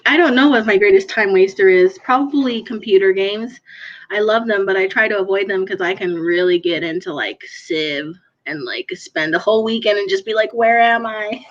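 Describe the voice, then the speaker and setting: A woman's voice: mid-range voice, moderate pace, dull audio. A woman chatting as an interview guest, telling stories with a laugh. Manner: laughing, animated storyteller. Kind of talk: casual chat.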